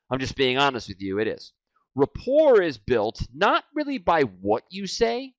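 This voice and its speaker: A man in his forties teaching sales, energetic and animated, swinging from loud and hyped to low and quiet. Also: no echo. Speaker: sales trainer. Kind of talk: energetic training talk. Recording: dry, slightly dull lo-fi sound.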